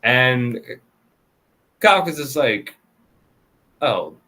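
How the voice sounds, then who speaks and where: A man casually recapping anime episodes for a review show, talking loosely with lots of fillers and quick laughs. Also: fairly low pitch, steady tone, a bit bright. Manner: loose and chatty, full of "like" and "kinda", laughs often.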